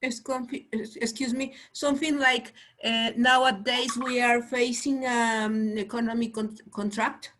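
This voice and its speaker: A woman's voice: a little high, fairly even intonation, measured pace, few pauses, a bit bright. A woman speaking as a student in an online English class, hesitant and checking her understanding. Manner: hesitant, questioning.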